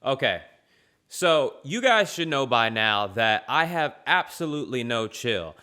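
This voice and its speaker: A man's voice: medium pitch, big pitch swings, unhurried, bright, forceful tone, clear, resonant tone. A man giving brash, trash-talking comedic commentary on his own channel. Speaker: YouTube commentator.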